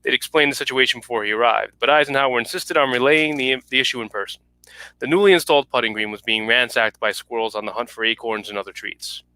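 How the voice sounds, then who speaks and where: A man reading his own short story aloud at a virtual book launch, in a brisk, clipped manner with small restarts. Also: medium pitch, pushed and bright, no echo. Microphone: home video call mic.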